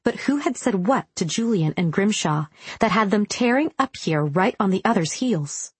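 A woman's voice: medium pitch, expressive, normal speed, husky, dry recording. A young adult woman reading a first-person audiobook with a wry, self-deprecating tone.

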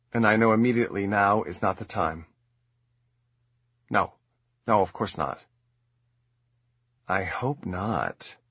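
A man reading a first-person memoir aloud in a measured, quiet and intimate way. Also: lowish voice, slightly rough, dry recording, highs cut off. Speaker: audiobook narrator.

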